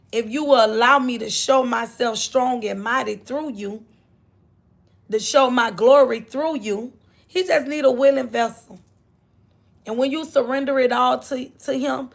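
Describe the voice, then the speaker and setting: Gravelly older woman preaching faith. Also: a little high. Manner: preachy, repeats phrases, greets viewers. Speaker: livestream host. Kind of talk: inspirational faith talk to viewers.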